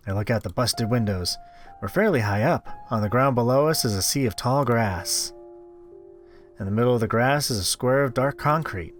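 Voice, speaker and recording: A man reading a visual novel aloud as a game host, expressive with wry asides. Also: mid-range voice, normal speed, faint music behind. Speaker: let's-play host.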